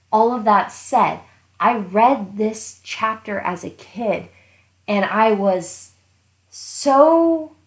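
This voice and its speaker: A woman in casual book discussion, ranting animatedly and acting out what she shouted at the book. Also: fairly high pitch, echoey room, low-quality recording. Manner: animated ranting, acting out her younger self. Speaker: podcast co-host.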